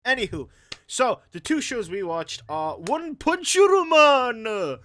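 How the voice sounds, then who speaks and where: A man's voice: extremely high pitch, very animated, takes it slowly, bright, forceful tone. A young man from Canada hosting a casual anime review chat, rambling with lots of fillers and restarts. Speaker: host.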